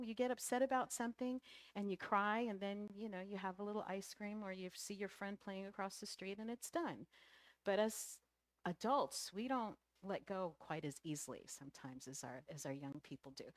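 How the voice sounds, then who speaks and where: Lively woman minister telling a story. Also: mid-range voice, dry recording. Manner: lively, laughing, acts out characters in a story. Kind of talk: conversational sermon with storytelling.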